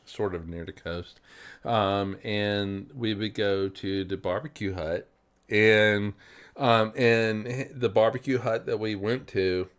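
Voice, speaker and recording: A man's voice: fairly low pitch, steady tone, slow, clean tone. A man from South Carolina, co-hosting a casual podcast chat and rambling with lots of fillers and restarts. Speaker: podcast co-host.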